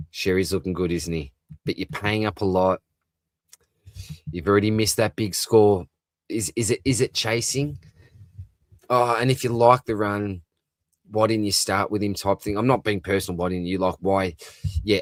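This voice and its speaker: Australian man, deep voice, dry close sound, upbeat casual streamer, reads chat aloud. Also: no echo. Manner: chatty, upbeat, laughs easily. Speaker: livestream host. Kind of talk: casual live-stream chat reading viewer comments.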